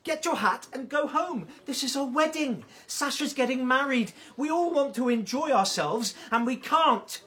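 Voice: sits high, lively intonation, moderate pace, few pauses, pushed and bright, slightly rough, heavily acted. An actor as a flustered, stammering father. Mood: exasperated. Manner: exasperated, fussing, stammering. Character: flustered fatherly man hosting a wedding. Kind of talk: stage or radio play acting.

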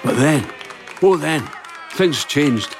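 A man's voice: on the high side, animated, takes it slowly, over music, a crowd in the background. A man playing a sarcastic, grumbling driver, who also narrates in a reflective tone in a film drama. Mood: wistful. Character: sardonic middle-aged Scottish driver Sandy.

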